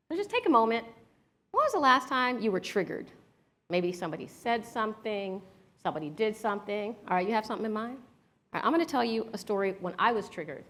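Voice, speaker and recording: A lively woman from Washington, D.C. teaches a breathwork workshop, talking straight to the crowd with an easy "y'all". Her voice sits a little high for a woman. She guides each breath step by step. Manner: lively, chatty, addresses the audience with "y'all". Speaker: workshop leader. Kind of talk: live workshop talk with a story.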